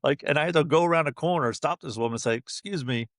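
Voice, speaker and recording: A man's voice: a little high, fast talker, no room sound, studio quality. A middle-aged man, a chatty guest on a podcast who tells stories and acts out the dialogue. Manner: chatty, animated storyteller acting out dialogue. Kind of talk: casual interview talk.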